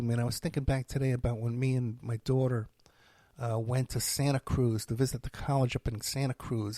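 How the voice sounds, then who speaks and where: A middle-aged man, hosting a podcast and telling stories in a rambling, animated monologue. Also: mid-range voice, dry recording. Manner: rambling, animated storytelling with laughs and asides. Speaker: podcast host.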